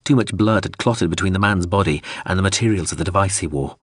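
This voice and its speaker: A man reading an audiobook in steady, measured scripted narration. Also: deep voice, husky, no echo, clean studio sound.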